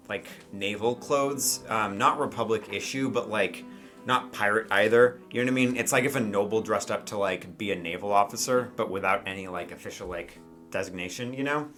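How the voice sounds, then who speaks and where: A man's voice: on the low side, a bit bright. A man running a tabletop role-playing game as game master, narrating loosely and using many fillers like "um" and "like".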